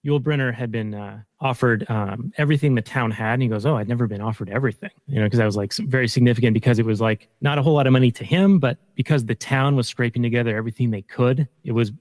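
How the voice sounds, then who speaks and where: A man's voice: mid-range voice, quick pace, hardly any pauses, dry recording, long reverb tail. A man co-hosting a podcast in a casual movie discussion, rambling along with lots of fillers. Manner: relaxed, rambling, many fillers. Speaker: podcast co-host.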